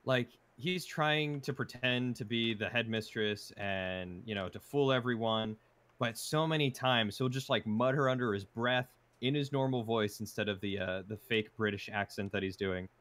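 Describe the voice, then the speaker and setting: A man talks loosely with a friend about a film while they work on a puzzle. His voice is mid-pitched and sounds dry and close, with little room around it. He rambles through plot points in an easygoing way. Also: moderate pace, no echo. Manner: relaxed, recounting film scenes. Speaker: co-host. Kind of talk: casual chat while doing a puzzle.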